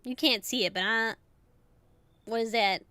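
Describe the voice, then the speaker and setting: A woman streamer commenting on a game as she plays, excitable and quick to laugh and swear. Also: a little high.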